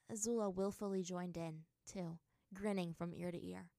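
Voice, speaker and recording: Brief: female narrator reading a fantasy story, slightly low voice, dry recording. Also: fairly even intonation, moderate pace, warm tone, dry recording. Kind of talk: reading fan fiction aloud.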